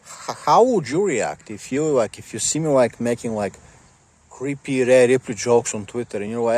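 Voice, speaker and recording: A man rants to the camera in a loose, rambling way with a sarcastic, mocking edge. His voice sits at an everyday middle pitch for a man. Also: animated, normal speed, darkish tone. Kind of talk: casual rant to camera.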